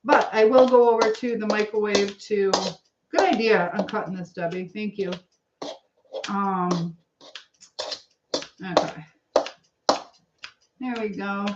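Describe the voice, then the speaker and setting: A woman's voice: mid-range voice, fairly even intonation, slow pace, long pauses, very noisy. Woman rambling to her viewers while cooking at home, kinda muffled stream audio. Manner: chatty, rambling, greets viewers, laughs often. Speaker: cooking livestream host. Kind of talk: casual chat while cooking. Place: home kitchen.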